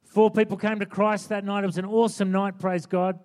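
A man's voice: high-pitched, flat delivery, a little fast, darkish tone. A man preaching a sermon, fervent and urgent, driving his points home by repeating phrases. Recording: long hall reverb.

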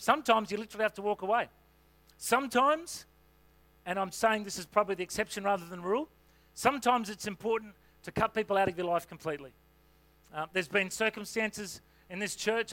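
Here a senior pastor gives a sermon in a high voice, casual and conversational in tone, with lots of "you know."

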